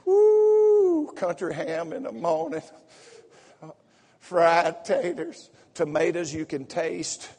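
A man preaching a sermon in a folksy, excitable way, full of repetitions and asides, with a slight Southern accent. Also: fairly high pitch, takes it slowly. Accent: Southern US, slipping in from home visit. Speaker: pastor. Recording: echoey sanctuary reverb.

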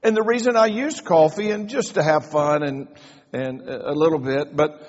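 Folksy preacher, high voice. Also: male voice, moderate pace. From Kentucky. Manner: folksy, storytelling, playful asides to the congregation. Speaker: pastor. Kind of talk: sermon. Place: church sanctuary. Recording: dull lo-fi sound in a reverberant hall.

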